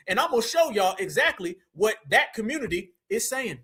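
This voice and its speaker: High bright-voiced man, heated commentary. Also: very animated, a little fast, hardly any pauses, slightly rough. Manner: emphatic, preachy, repeats phrases for effect. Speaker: livestream commentator.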